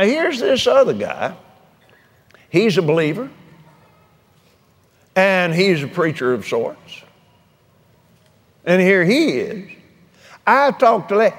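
A man with a high-pitched voice preaching a sermon. He tells folksy stories and presses his points with fervor, swinging between easy chatter and loud emphasis. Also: gravelly, husky. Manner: folksy storytelling preacher, fervent.

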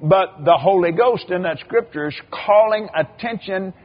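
Unhurried and high-pitched, an older man delivers a sermon full of animated stories, acting out the voices he quotes and repeating words. The sound comes from a dull, lo-fi recording.

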